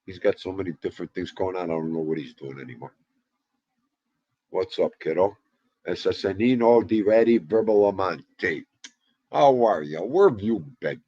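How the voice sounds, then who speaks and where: Greeting his viewers one at a time and joking with them, a man in his fifties hosts a casual livestream. He has a deep, warm voice with lively intonation, speaks at normal speed, and pauses often. The dull lo-fi audio has no echo.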